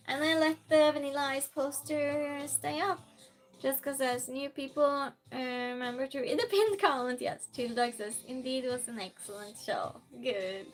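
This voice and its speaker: A woman streamer chatting casually with her viewers, reading out their comments, laughing often and calling out loud greetings. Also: high-pitched.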